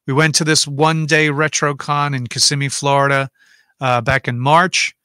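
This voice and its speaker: A man's voice: medium pitch, little pitch movement, moderate pace, sharp tone, smooth, dry recording, clean studio sound. A man hosting a casual livestream from home, chatting and rambling as he reads out viewer comments and answers them.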